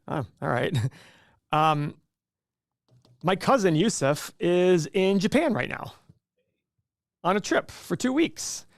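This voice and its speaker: Man, live stream host, chatty, restarts often, fairly high voice, dry sound. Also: no echo. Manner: chatty, rambling, frequent restarts. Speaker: livestream host. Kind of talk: casual live stream chat.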